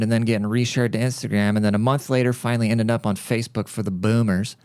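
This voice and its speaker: A man's voice: mid-range voice, clear, resonant tone, dry recording, clean studio sound. A man hosting a podcast, telling stories in a blunt, profane, casual rant. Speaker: podcast host.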